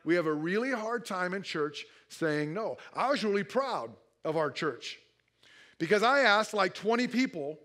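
High-voiced joking pastor. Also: male voice, animated, unhurried, fairly bright tone. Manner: joking and playful, often laughing; acts out quoted speech in changed voices. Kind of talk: sermon. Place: church before a congregation.

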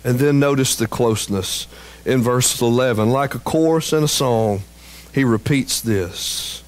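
A pastor preaches a sermon slowly and emphatically, his voice climbing higher and louder at the peaks and dropping low and quiet on key phrases. The audio is poor.

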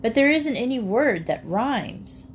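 Cheerful songmaking pig, eager and high, as a woman puts him on. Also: very animated, measured pace, a little hiss or hum. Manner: eager, sings his rhymes.

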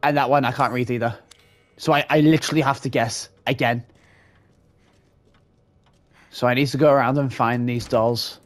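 This gaming channel host, a man with a medium-pitched, steady voice, talks at a normal speed but pauses often. Playing a horror game, he commentates for viewers in a nervous, frightened way, cursing frequently.

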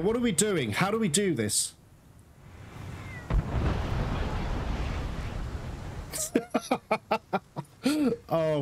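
A man giving live commentary while playing a video game, frustrated and swearing at the game as he talks to his viewers. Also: on the high side. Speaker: gaming channel host.

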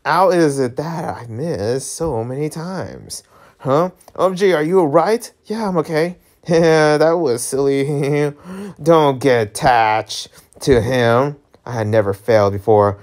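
A man casually reading a webtoon aloud, stumbling over lines and laughing at his own slips. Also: on the high side. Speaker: webtoon reader.

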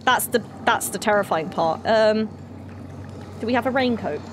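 A woman streaming a horror game, chatting excitably with her viewers and swearing freely. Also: mid-range voice, moderate pace, background noise.

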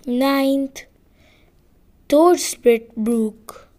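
A woman reading a children's chapter book aloud, slow and deliberate, sometimes correcting and rereading lines. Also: high-pitched, a little mellow. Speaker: audiobook reader.

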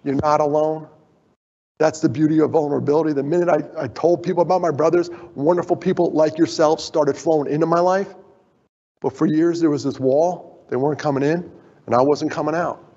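A man's voice: a little high, fairly even intonation, a little fast, warm tone, husky. A middle-aged man gives a motivational conference talk. He jokes with the crowd and gets them involved, then turns earnest. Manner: jokey, draws in the audience, then turns earnest. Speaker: keynote speaker. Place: conference hall. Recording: dull, echoey hall sound.

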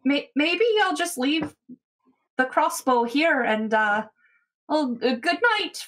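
A woman's voice: sits high, animated, slow pace, fairly bright tone, pitched above the performer's own voice, full character voice. A woman voicing a shy, awkward young woman who stammers as she excuses herself. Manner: hesitant, stammering.

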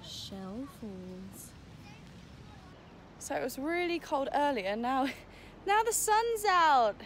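Slow-talking giggly woman vlogging on the road. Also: sits high, very animated. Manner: bubbly, giggly, easily delighted. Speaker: travel vlogger. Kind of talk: casual vlog narration. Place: on the road, indoors and outdoors. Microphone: handheld camera. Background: background noise and vehicle sounds.

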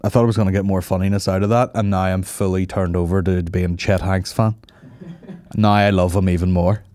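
A man hosting a comedy podcast, bantering with animated, profane asides. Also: sits low, brisk, dry recording, clean studio sound. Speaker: podcast host.

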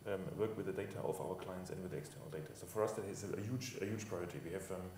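A man answering as a reinsurance executive on a conference panel, measured and explanatory, with hesitant fillers. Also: low-pitched, darkish tone, slight background noise. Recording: roomy panel hall from far off.

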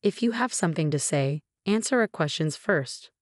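A woman voicing a calm young husband who speaks in a measured, cold and firm way. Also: a little high, dry recording, clean studio sound, lightly acted.

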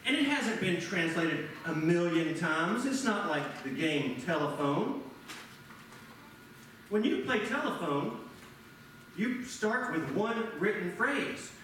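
A man's voice: high-pitched, slow, slight background noise. A man preaching a sermon as pastor, firing off rhetorical questions and talking straight to his congregation. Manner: animated, rhetorical questions, addresses congregation by name. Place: church sanctuary. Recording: echoey church room, mic at a distance.

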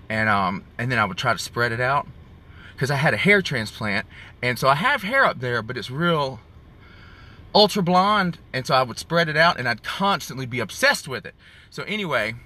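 A man's voice: medium pitch, pushed and bright. A man chatting sassily to viewers on a phone live stream from his car. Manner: chatty, sassy, calls viewers y'all and honey. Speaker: vlogger doing a live stream. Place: in a car in the rain.

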